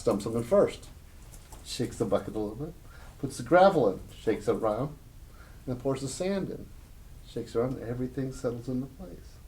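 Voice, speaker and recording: A man's voice: medium pitch, warm tone, a little hiss or hum. A man giving a live business workshop talk to a small audience in a room, speaking in short, punchy, conversational phrases and telling anecdotes.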